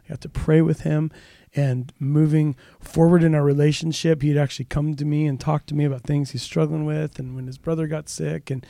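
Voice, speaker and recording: A man serving as a pastor tells a story in a relaxed podcast conversation, his voice mellow and dark. He raises his voice and livens up whenever he quotes someone. The sound is dry and close to the mic. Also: a little high, a little fast, creaky, few pauses, dry recording. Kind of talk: casual storytelling in a podcast chat.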